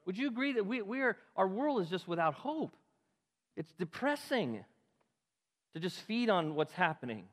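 Impassioned pastor preaching in a reverberant hall. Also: male voice, sits high, sing-song, moderate pace. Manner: impassioned, rising to emphatic peaks and dropping to quiet asides. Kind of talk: sermon. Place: church sanctuary.

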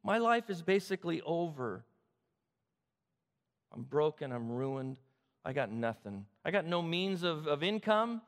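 A woman's voice: low voice, very animated, unhurried, long pauses, big-room sound, exaggerated voice. A man voicing a grieving, bitter older widow who pleads and insists. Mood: despairing.

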